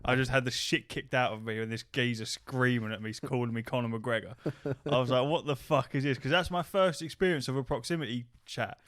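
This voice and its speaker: A man tells rambling gaming stories on a casual podcast. He swears freely and acts out the shouting in his tales. His voice sits at a middle pitch and sounds dry and close to the mic. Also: brisk, few pauses, dry recording. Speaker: podcast co-host. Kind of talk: casual chat, storytelling.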